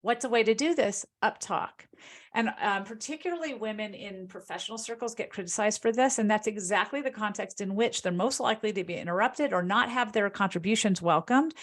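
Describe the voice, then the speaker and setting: A woman linguist and author answering audience questions in an explanatory, lecture-like way, with animated rises when she stresses a point. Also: mid-range voice.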